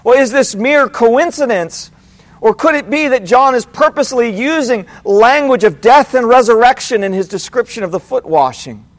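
A man preaching an expository sermon, asking rhetorical questions and swinging widely in pitch and loudness. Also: animated, moderate pace.

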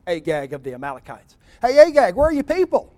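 Brief: a smug, preening king put on by a preacher, high and showy. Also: sing-song, moderate pace. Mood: boastful. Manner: smug, preening, mock-pious. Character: boastful self-justifying male king.

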